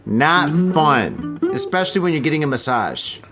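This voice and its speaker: A man's voice: fairly high pitch, sing-song, moderate pace. A man hosting a podcast, chatting casually, joking and swearing freely as he tells stories. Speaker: podcast host. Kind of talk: casual interview chat. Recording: clear guitar music behind.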